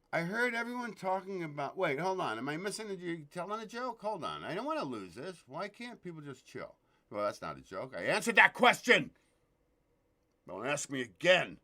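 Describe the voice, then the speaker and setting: Running a loose live stream, a man with a somewhat high voice and sharp tone jokes, swears and greets viewers by name in casual chat.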